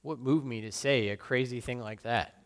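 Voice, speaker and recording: A man playing the apostle Peter, a burly fisherman full of guilt, in a solemn, halting dramatic monologue. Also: mid-range voice, clear, resonant tone, lightly acted. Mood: remorseful. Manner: solemn, halting and self-questioning. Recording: long reverb in a large hall.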